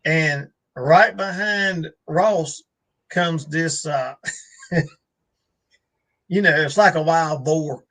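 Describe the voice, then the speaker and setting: Bright-voiced man telling a story. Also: a little high, extremely slow, long pauses, poor audio. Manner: rambling, drawling storyteller with many fillers. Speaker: guest. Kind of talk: casual storytelling on a live stream.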